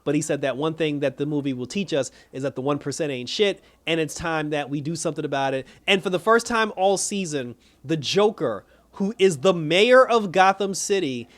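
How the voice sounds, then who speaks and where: A man's voice: on the high side, fairly bright tone. A man casually recapping a TV episode, rambling through the plot with lots of "he was like" asides and chuckles. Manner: rambling retelling, full of "he was just like" and laughs. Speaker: TV episode reviewer.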